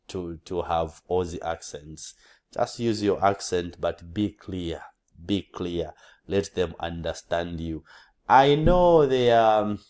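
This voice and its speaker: A man with a very deep voice talks viewers through test-day tips in a loose, unscripted way. He is earnest and repeats each piece of advice, often backing up to restart a sentence. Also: darkish tone. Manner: earnest, repeats key points, frequent restarts. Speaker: English test coach. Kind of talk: casual teaching monologue.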